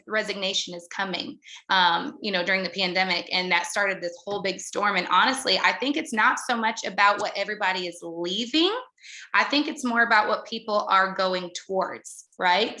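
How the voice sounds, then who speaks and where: Woman, business coach, motivational talk, fast and earnest, bright tone, echoey room. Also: medium pitch.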